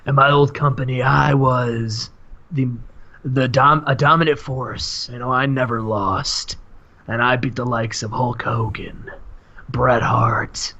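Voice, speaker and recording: A man putting on a slow, boastful wrestling legend cutting a dramatic promo, on a dull lo-fi mic. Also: medium pitch, fairly even intonation, sharp tone, pitched below the performer's own voice, exaggerated voice.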